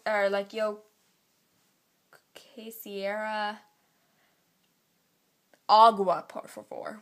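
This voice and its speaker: A teenage girl vlogging at home into her camera's built-in mic, chatty and full of fillers, drawing her phrases out slowly. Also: mid-range voice. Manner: chatty, filler-heavy, drawn-out slow phrasing. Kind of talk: casual vlog, teaching basic Spanish phrases. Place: home, indoors.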